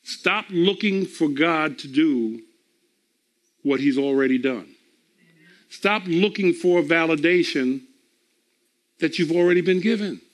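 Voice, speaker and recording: A man preaching a sermon in a slightly high voice. He speaks slowly and deliberately, with long pauses. He leans on repeated phrases to drive each point home. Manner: emphatic, repeats phrases for effect; slow and deliberate, drawn-out pauses.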